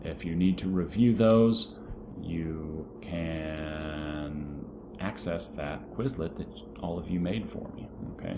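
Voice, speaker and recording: A man's voice: rumbling low, animated, takes it slowly, noisy background. A man teaching a Spanish lesson to students, friendly and encouraging, reading vocabulary aloud and explaining an assignment. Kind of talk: recorded online lesson for students.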